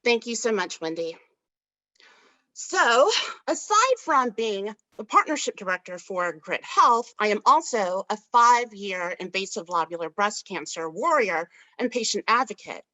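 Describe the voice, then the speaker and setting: A woman's voice: mid-range voice, lively intonation, measured pace, sharp tone, low-quality recording. A woman moderating an online panel in a composed manner, introducing the speakers. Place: video call.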